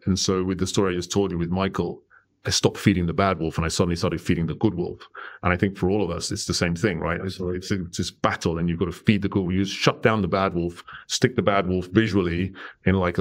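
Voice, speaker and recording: A man's voice: deep voice, quick pace. A middle-aged man on a podcast, telling a story in a conversational way and often checking in with "right?". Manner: animated storyteller, tags lines with "right?". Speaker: podcast guest.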